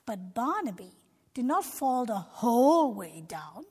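A woman's voice: fairly high pitch, very animated, a little slow, darkish tone, breathy edge. A woman narrating a Christian children's story expressively, talking directly to young listeners. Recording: long reverb.

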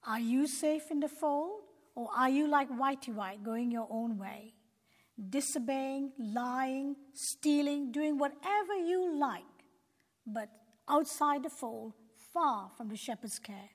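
A woman narrating a children's Bible story in an earnest, gentle preaching tone. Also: high voice, takes it slowly. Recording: long hall reverb.

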